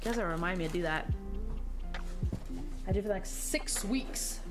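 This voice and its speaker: Joking woman streamer, low voice, music behind. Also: a little slow. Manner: chatty, jokey, reads out chat messages. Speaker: live streamer. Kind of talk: casual live-stream chat. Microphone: desktop streaming mic.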